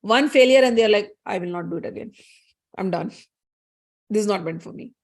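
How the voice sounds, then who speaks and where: A woman's voice: medium pitch, fairly quick, gravelly, darkish tone. A woman voicing a loving but stern mother goddess who scolds and rouses her son. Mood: scolding, rousing. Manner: scolding, rousing exhortation.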